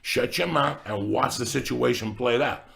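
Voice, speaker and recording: A man's voice: mid-range voice, moderate pace. A middle-aged man telling street stories in casual podcast chat, acting out the voices of people in them. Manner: gravelly, animated street storyteller acting out voices. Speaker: podcast host. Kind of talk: casual storytelling.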